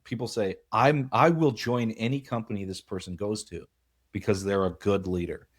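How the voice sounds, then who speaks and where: A man with a very deep voice co-hosts a casual business podcast. He muses out loud and tells stories, stopping now and then to correct himself before carrying on. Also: steady tone, normal speed. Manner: musing, storytelling, self-correcting. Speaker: podcast co-host.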